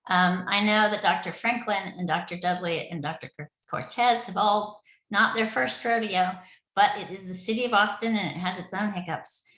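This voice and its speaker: A woman's voice: mid-range voice, a bit bright, echoey room, poor audio. A woman leading an online project meeting from home, talking in a rambling, effusive way and laughing often. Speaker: city project lead running the meeting. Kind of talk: casual online meeting talk.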